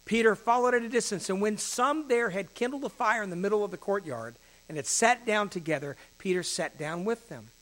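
A male pastor preaching a sermon, shifting between hushed emphasis and louder passages. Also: high-pitched, expressive, a little fast.

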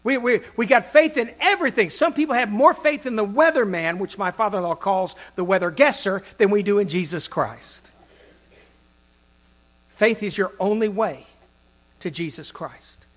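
A man preaching a sermon, acting out the voices in the stories he tells and swinging from loud to soft. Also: high-pitched, expressive, moderate pace. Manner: dramatic, acts out quoted voices with big swings in loudness.

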